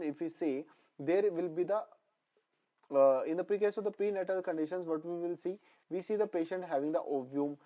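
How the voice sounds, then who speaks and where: A nursing exam tutor gives an online pediatrics lecture, drilling terms over and over so they can be memorized. His voice is a little high, mellow, and slightly hoarse, and the recording has a dull lo-fi sound.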